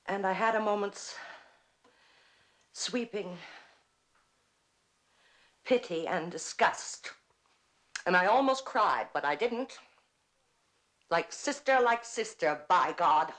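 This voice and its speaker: A woman's voice: medium pitch, animated, slow pace, pauses often, fairly bright tone. An actress playing a bitter, wry middle-aged woman who mocks herself with dry theatrical wit. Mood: sardonic. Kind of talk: stage play performance.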